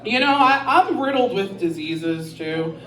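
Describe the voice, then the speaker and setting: A woman's mid-range voice, sharp in tone with lively intonation, moves at a measured pace through a rambling, crude stand-up routine mocking herself. She performs in a bar with a live audience, holding a stage mic. Laughter echoes through the roomy space, captured by a distant microphone.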